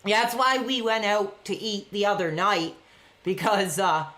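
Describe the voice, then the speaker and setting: A woman chatting casually on a live stream, reading out messages from viewers and reacting excitedly to a wrestling match from a dark room at home. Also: mid-range voice, unhurried. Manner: chatty, reads out chat messages between excited play-by-play reactions.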